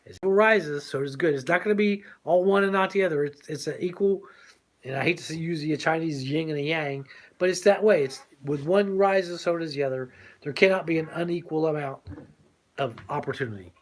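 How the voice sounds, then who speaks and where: A man's voice: a little high, fairly quick. An older man co-hosting a casual talk show, speaking in a preachy, emphatic way and laughing often. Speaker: co-host.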